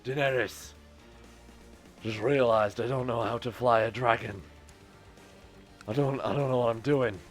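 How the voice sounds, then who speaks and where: A man voicing a hapless young exiled lord in a flat, sheepish mumble during a game playthrough. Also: mid-range voice, a little slow, pauses often, faint music behind, close to an everyday voice.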